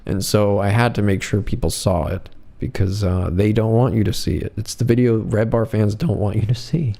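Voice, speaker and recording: A man's voice: fairly low pitch, fairly even intonation, moderate pace, gravelly, dark tone. Storytelling man in casual podcast chat. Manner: storytelling, acts out quoted lines.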